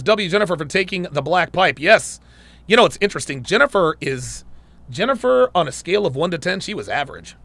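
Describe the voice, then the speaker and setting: A man hosting a live stream, reading out chat comments and answering with crude, joking banter. His voice sits somewhat high and is bright and sharp, and it swings widely in pitch. The recording is close and dry. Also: no room sound. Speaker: livestream host reading chat. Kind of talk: casual livestream chat.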